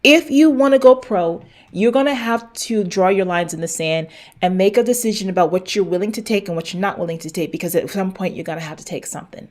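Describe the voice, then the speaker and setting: A woman's voice: medium pitch, quick pace, a little mellow. A middle-aged woman hosting a fitness show, giving blunt, preachy advice straight to viewers and swearing for emphasis. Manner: talks straight to viewers, repeats lines for punch. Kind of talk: direct-to-camera advice rant.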